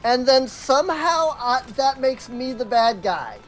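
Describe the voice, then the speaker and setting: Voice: high-pitched, lively intonation, a little slow, faint music behind. A game streamer chatting casually on a live stream, telling exasperated stories with lots of "like" and restarts. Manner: exasperated storytelling, full of "like" and restarts.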